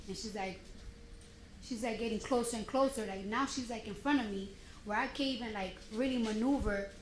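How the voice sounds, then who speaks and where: A woman testifying in a courtroom, retelling a confrontation in a blunt, animated, slangy way and acting out what each person said. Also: mid-range voice, fairly quick. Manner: blunt and animated, slangy street speech, acts out quotes. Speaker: witness testifying. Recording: roomy courtroom sound, faint noise.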